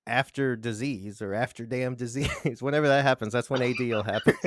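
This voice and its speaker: A man's voice: medium pitch, expressive, heavy background noise. A man who hosts a podcast, chatting casually and tossing in wisecracks and laughs. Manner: jokey, quick with wisecracks and laughs. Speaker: podcast host. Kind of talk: casual chat.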